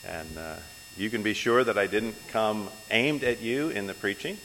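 A man preaching a sermon from the pulpit in a church sanctuary, unhurried, with many pauses and ums between phrases. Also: lowish voice, a bit bright. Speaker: pastor. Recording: long hall reverb, faint mains hum.

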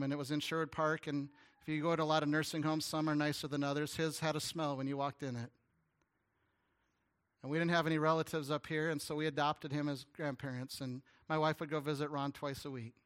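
A man preaching a sermon as a guest pastor, telling an earnest story with stammered restarts and some hushed, tender moments. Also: fairly high pitch. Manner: drops to a hushed, tender voice at emotional points.

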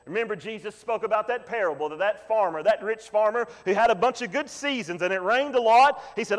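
A man preaching a Sunday sermon as pastor, often asking the congregation "Amen?" and repeating key lines slowly for emphasis. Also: high-pitched. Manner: preaching with call-and-response "Amen?" asides. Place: church sanctuary. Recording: long hall reverb.

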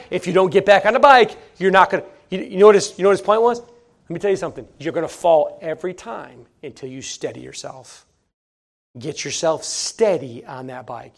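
Using a high voice, a preacher delivers his sermon with folksy, animated emphasis. He repeats phrases and shifts abruptly from loud to soft.

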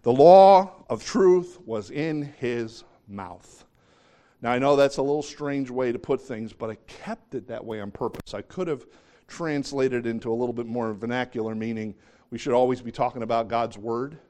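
A man's voice: mid-range voice, steady tone, a little fast, darkish tone. A middle-aged man preaching a sermon in a conversational way, joking about himself and asking the congregation questions. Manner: conversational, self-deprecating, asks the congregation questions. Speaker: pastor.

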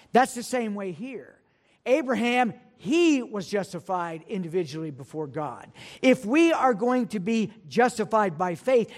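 A man pastor preaching an earnest sermon, reading scripture aloud and slowing down to stress key points. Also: sits high, a little mellow.

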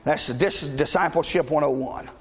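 A middle-aged man preaching a sermon as pastor, blunt and passionate, shouting at times and joking with the congregation. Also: on the high side, normal speed. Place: church sanctuary. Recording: long reverb of a large church hall.

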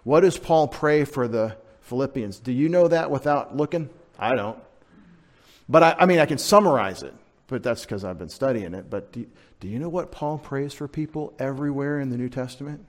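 Male pastor, mid-pitched voice, conversational sermon delivery with emphatic stretches and questions to the congregation. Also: normal speed, darkish tone.

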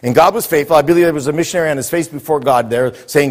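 A man's voice: medium pitch, racing, hardly any pauses, darkish tone. A man preaching a sermon to a congregation, drawing call-and-response answers from the room. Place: church with congregation. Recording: echoey hall.

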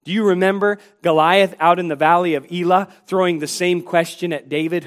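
A man's voice: sits high, fairly even intonation, fairly quick, few pauses. A man preaching a sermon, earnest, acting out the taunts of mockers and the words of biblical figures.

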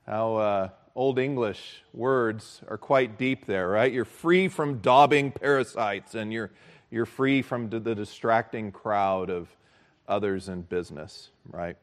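A man preaching a sermon as pastor, earnest and measured, repeating key phrases for emphasis. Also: mid-range voice.

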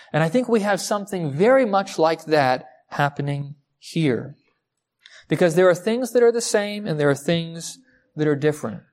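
A pastor preaching a sermon in a conversational way, telling a story to the listeners and asking them rhetorical questions. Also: mid-range voice.

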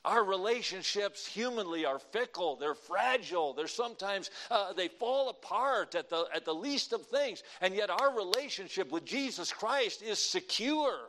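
A man preaching a sermon, quoting scripture and swinging between emphatic outbursts and quiet lines. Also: sits high, lively intonation, normal speed, hardly any pauses.

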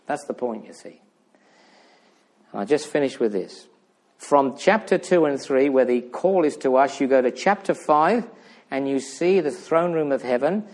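A man preaching a sermon in a church, animated, full of rhetorical questions, swinging between loud emphasis and hushed asides. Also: on the high side.

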